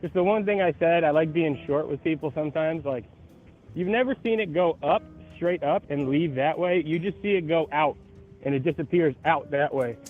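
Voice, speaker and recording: A man's voice: a little high, moderate pace, faint music behind. Chatty man calling in on a tinny phone line. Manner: animated, acts out the voices of people in his story. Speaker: caller. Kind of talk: casual phone-in storytelling. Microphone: phone call.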